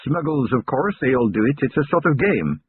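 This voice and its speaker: A man's voice: medium pitch, expressive, fairly quick, slight background noise, lightly acted. A man voicing a polite male naval lieutenant with a breezy manner. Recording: tinny lo-fi recording.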